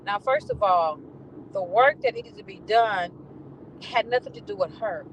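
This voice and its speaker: A woman venting in a casual, profane, animated monologue while riding home. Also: medium pitch, moderate pace, slight background noise, poor audio. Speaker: vlogger. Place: in a car on the ride home.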